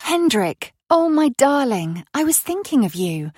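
A woman's voice: medium pitch, sing-song, moderate pace, slightly rough, no echo, studio quality, voice pushed up. A woman voicing an earnest young woman in love, speaking eagerly and with worry. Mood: anxious, loving. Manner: eager, breathless, worried.

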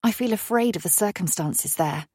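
A woman's voice: medium pitch, lively intonation, moderate pace, dark tone, breathy edge, no echo, studio quality, pitched above the performer's own voice. A woman voicing an earnest young woman in love, speaking eagerly and with worry. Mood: anxious, loving. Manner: eager, breathless, worried.

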